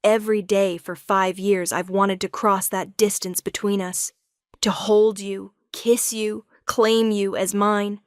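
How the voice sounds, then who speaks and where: A woman's voice: mid-range voice, little pitch movement, takes it slowly, clear, resonant tone, no room sound, clean studio sound, lightly acted. A woman voicing a remorseful young male werewolf king who pleads earnestly with his wife. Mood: pleading.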